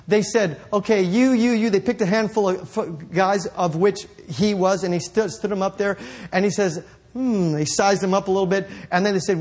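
A man with a high voice preaches a sermon, winding through a story, stumbling into self-corrections, and working himself up to shouts.

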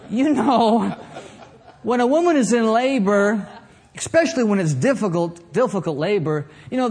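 A man's voice: sits high, darkish tone. A middle-aged man preaching a sermon, telling a humorous story and then building into fervent preaching. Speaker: pastor.

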